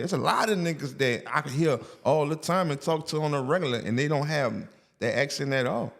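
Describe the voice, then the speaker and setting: A man's voice: a little high, a little fast, gravelly. A man with a New Orleans accent, co-hosting a podcast in blunt, emphatic casual chat full of street slang. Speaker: podcast co-host.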